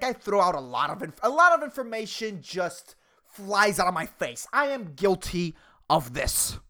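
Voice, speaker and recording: A woman hosting a solo podcast, ranting sarcastically and swearing freely, and talking fast by her own account. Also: a little high, pushed and bright. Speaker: podcast host.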